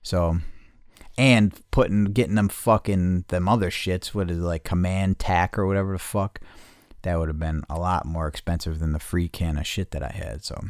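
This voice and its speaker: A man hosting a casual solo podcast, rambling and profane, correcting himself mid-sentence and jumping into loud excited bursts. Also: deep voice, normal speed, dry recording, clean studio sound. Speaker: podcast host.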